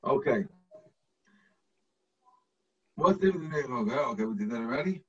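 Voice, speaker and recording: A man's voice: medium pitch, expressive, a little slow, fairly bright tone, breathy edge, far from the mic, highs cut off. A man, a rabbi, teaching a text to his students over a video call, explaining step by step and checking in with the class.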